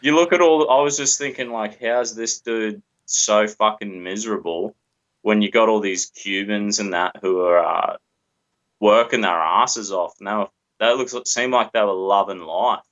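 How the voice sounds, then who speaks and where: A laid-back man joins a casual chat, swearing easily and tacking on "mate." His voice sits fairly low. He comes through on dull, lo-fi call audio. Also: a little slow, fairly bright tone. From Australia. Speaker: guest.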